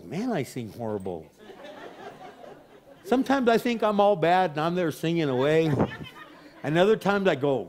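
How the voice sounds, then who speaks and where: A man preaching a sermon in an animated way, acting out little voices and jokes for the congregation. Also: fairly high pitch. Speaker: pastor.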